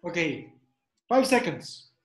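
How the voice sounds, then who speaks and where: A man's voice: sits high, sing-song, slow pace, echoey room, slight background noise. A man teaching an online English class, repeating questions and drilling pronunciation over a video call.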